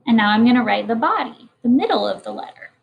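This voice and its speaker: A woman's voice: fairly high pitch, expressive, fast, vocal fry, muffled recording, a little hiss or hum. A woman teacher leading a morning message lesson for young children, speaking in a patient, encouraging way. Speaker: kindergarten teacher.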